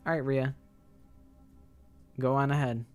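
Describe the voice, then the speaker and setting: A man's voice: medium pitch, steady tone, a little slow, soft background music. A young man streaming a game, chatting casually, rambling and swearing with lots of fillers.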